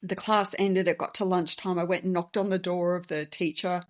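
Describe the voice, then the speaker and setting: A woman's voice: on the low side, flat delivery, moderate pace. A woman hosting a podcast, telling a personal story in a candid, emotional, conversational way. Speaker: podcast host and business founder.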